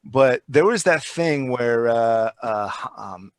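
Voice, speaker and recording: A man of middle pitch speaks on a podcast with a dry, close sound. He rambles through animated, profane stories, circling back on his words as he goes. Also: slow pace, smooth, no room sound. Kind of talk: casual podcast chat.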